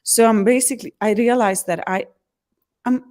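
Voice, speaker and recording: A woman's voice: fairly high pitch, normal speed. A woman, an empowerment coach answering interview questions in an earnest way, often restarting her sentences. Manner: earnest, frequent restarts, lively acted quotes.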